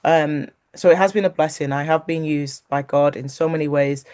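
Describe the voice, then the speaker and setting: Appearing as a guest, a woman shares a personal faith story animatedly, laughing as she goes and acting out what others said. Her voice is low-pitched and moves at a moderate pace.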